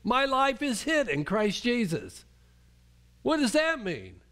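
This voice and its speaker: A man's voice: extremely high pitch, wildly swooping pitch, slow, a bit bright. A male pastor preaching a sermon in a conversational way, often restarting his sentences and acting out the voices he quotes.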